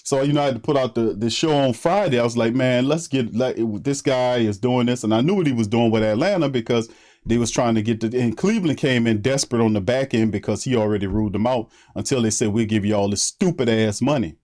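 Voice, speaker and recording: A man's voice: mid-range voice, quick pace, darkish tone. A man hosting a sports livestream, greeting viewers by name in loose, slangy chat and laughing often. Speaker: sports podcast host.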